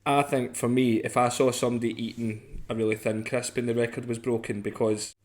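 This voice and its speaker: A man's voice: mid-range voice, level tone, a little fast. A Scottish man chatting casually as a podcast co-host, rambling and self-deprecating. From Scotland. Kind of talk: casual chat.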